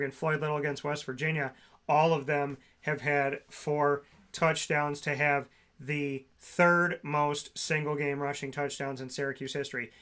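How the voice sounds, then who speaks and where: A man's voice: a little high, pushed and bright. A man co-hosting a sports talk show, reeling off stats and player names in long runs. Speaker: co-host.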